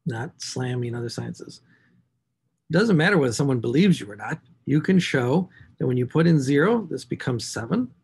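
A math instructor with a mid-range voice, vocal fry and a breathy edge works through equations at a moderate pace in a recorded class lecture. He talks to himself as he writes, stressing key words with animated emphasis.

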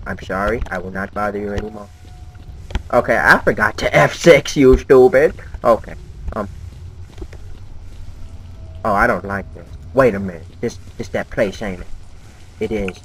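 A man's voice: on the low side, normal speed, long pauses, fairly bright tone. A man giving nervous, jumpy let's-play commentary while talking to himself. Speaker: gamer. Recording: noisy home game recording.

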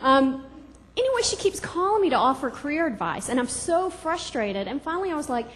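Bubbly female comic from Georgia, high voice, on a club stage with a long reverb tail and faint room noise. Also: very animated, a little fast, a bit bright. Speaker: stand-up comedian. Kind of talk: stand-up comedy.

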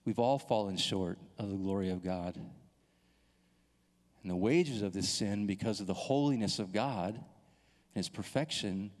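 Lively storytelling male pastor. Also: fairly low pitch, moderate pace. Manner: animated storytelling, acts out dialogue. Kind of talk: sermon with personal story. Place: church hall. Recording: long hall reverb.

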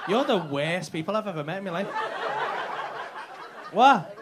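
A man's voice: high voice, animated, moderate pace, pauses often, background noise. A man doing stand-up crowd work, teasing and mocking the audience with lots of swearing. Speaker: stand-up comedian. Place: comedy club stage. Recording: live club with audience laughter.

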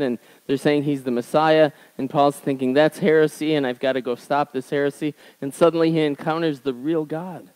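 Man preaching in a conversational style. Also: poor audio. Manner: conversational storytelling, swinging between emphatic highs and quiet asides. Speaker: pastor. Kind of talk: sermon.

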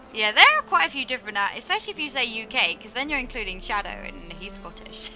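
A woman's voice: a little high, animated, a little fast. A woman with an English accent chatting casually with viewers while she plays, laughing often and swearing freely. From England. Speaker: game streamer. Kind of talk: casual live-stream chat. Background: game music.

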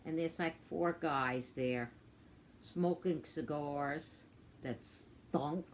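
Woman vlogger, slow halting rant into a phone, lowish voice, blunt and profane. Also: a little hiss or hum. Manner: frustrated, profane, slow and halting with many fillers. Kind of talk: casual rant to camera. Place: outdoors on a walk.

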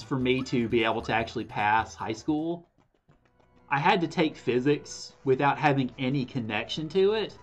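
Young man, game streamer, animated and rambling. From Alabama. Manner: rambling, self-correcting, pitch swinging up when stressed. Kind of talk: casual stream chat.

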